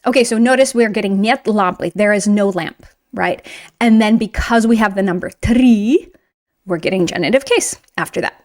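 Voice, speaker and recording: A woman teaching a Russian grammar lesson in a chatty, emphatic way, slowing down to read example sentences. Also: mid-range voice. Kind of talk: online language lesson.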